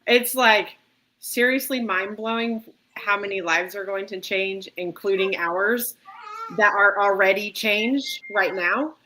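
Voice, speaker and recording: Bright-toned emotional woman host. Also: mid-range voice, poor audio. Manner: emotional, halting, with restarts. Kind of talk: casual chat. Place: livestream.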